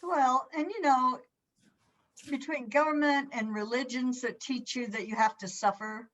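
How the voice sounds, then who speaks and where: Blunt, fiery woman with a higher voice. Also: fairly even intonation, measured pace, fairly bright tone. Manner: blunt and fiery, swears freely. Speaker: co-host of a spirituality show. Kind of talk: casual chat.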